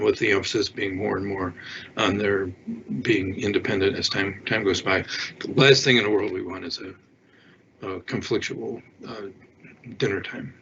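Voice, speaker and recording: A man's voice: lowish voice, fairly bright tone. An older man, a parenting expert, giving conversational advice and answering viewer questions, acting out little example dialogues. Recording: dull lo-fi sound with faint noise.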